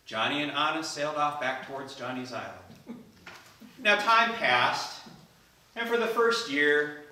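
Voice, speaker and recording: A man telling a story live to an audience, acting out the characters' lines. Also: mid-range voice. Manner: animated, acts out the characters' lines. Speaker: storyteller at a speaking event. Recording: echoey hall, voice from a distance.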